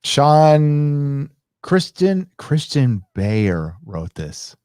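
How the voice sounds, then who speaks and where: A man's voice: a little high, big pitch swings, very slow, a little mellow, smooth, no echo. A man co-hosting a live pop culture show, making dry, sardonic asides while he has the hiccups. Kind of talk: casual live-stream chat.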